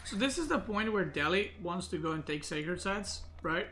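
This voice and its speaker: A man giving casual commentary on a recorded match, thinking out loud with lots of "like" and "right?" fillers. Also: high voice, animated, normal speed, a little hiss or hum. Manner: thinks aloud, filler-heavy, says "like" and "right?" a lot. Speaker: game analysis host.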